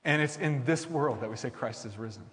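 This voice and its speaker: A man's voice: mid-range voice, brisk, a bit bright. A man pastor preaching a sermon, building with repeated declarations and frequent restarts. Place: large church hall. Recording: long hall reverb.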